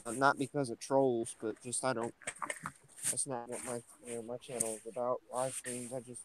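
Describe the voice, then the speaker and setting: A man's voice: mid-range voice, normal speed, slight background noise, low-quality recording. A man chatting casually and rambling, with lots of fillers and restarts, as he steps out into his yard. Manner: relaxed, rambling, hesitant with many fillers. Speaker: vlogger hosting a morning chat. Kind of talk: casual chat. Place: at home, stepping outside into his yard.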